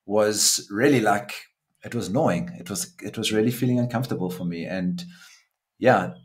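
A middle-aged man from South Africa with a low voice hosts a reflective interview. He talks earnestly and searchingly, often restarting his sentences. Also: moderate pace. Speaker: podcast host.

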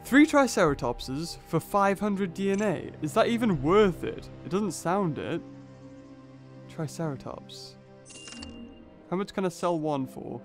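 A young man commentates on his game in a high, lively voice that leaps up and down with every turn. He reasons through each move aloud and breaks into excited exclamations. Soft game music plays quietly behind him. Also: measured pace. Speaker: gaming channel host. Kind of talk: let's play commentary.

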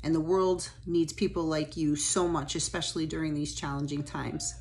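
Mother, slightly low voice, tender heartfelt message. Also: little pitch movement, moderate pace, darkish tone, a little hiss or hum.

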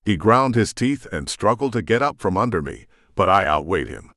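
A man narrates a first-person audiobook with tense, dramatic energy. His voice sits low and deep, and his pitch moves freely as the action builds. The recording is close and dry, with no room sound. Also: very animated, moderate pace, fairly bright tone, no room sound.

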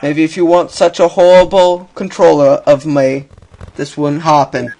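A man's voice: a little high, level tone, normal speed, gravelly, mellow. A young man commentating on his own game play, chatty and talking to the game and himself. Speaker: gaming youtuber.

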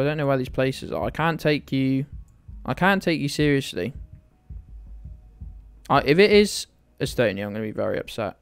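A man's voice: medium pitch, clear, resonant tone, no echo. A young British man streaming a game live, teasing his chat with playful indignation and mock outrage. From United Kingdom.

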